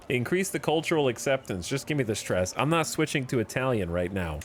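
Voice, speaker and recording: A man's voice: medium pitch, lively intonation, brisk, a little hiss or hum. A man streaming a strategy game, reading its event text aloud and adding wry asides. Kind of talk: casual gameplay commentary.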